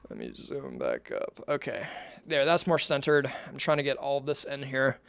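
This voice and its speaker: A man's voice: medium pitch, wildly swooping pitch, moderate pace, vocal fry, fairly bright tone, clean tone, no echo. A man reading a long document aloud to his viewers, stumbling, correcting himself and adding apologetic casual asides. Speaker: commentator reading a document on stream.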